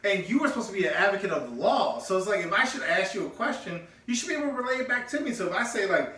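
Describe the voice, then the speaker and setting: Animated bright-voiced man in an echoey room. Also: high voice, racing, few pauses. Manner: animated storyteller acting out both sides of a conversation. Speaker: podcast co-host. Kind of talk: casual podcast chat. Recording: echoey room, mic at a distance.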